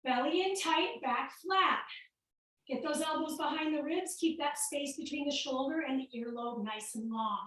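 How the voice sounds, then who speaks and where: A high-pitched Midwestern woman leads a workout class, upbeat and a bit out of breath as she calls out each move. She sounds set back from the mic, and the room around her rings a little. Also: normal speed, a bit bright, heavy reverb, distant mic, poor audio. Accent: American Midwestern. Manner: upbeat, cueing moves while exercising. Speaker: fitness instructor. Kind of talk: coaching a home workout class.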